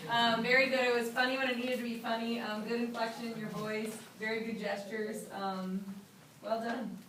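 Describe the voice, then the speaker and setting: A woman's voice: a little high, level tone, moderate pace. A woman teacher giving encouraging feedback in class, praising a student's speech with a few filler ums. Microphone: far camera. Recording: echoey room from far off, noisy.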